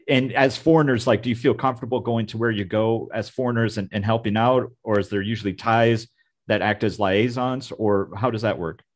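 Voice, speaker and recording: A man interviewing a guest, asking long rambling questions full of "like" and "you know". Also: medium pitch. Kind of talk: casual interview.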